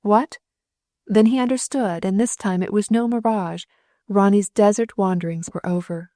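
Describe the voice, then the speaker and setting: A woman narrating a classic novel as an audiobook, gentle and measured, close to the mic. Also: mid-range voice, steady tone, dry recording. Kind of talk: scripted narration.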